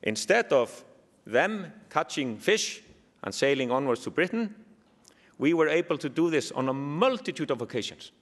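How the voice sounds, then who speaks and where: A man's voice: a little high, normal speed. A man with an Icelandic accent giving a keynote speech, telling stories with dry humor. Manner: lively storytelling with dry humor. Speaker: keynote speaker. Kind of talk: speech to an audience. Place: large museum hall. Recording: echoey hall reverb.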